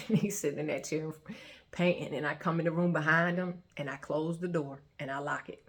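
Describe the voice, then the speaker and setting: A woman telling her personal faith testimony in a colloquial, animated way, acting out the scenes as she goes. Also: a little fast. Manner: animated, colloquial, acts out scenes with sharp pitch jumps. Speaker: vlogger sharing a faith testimony. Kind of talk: emotional personal testimony storytelling.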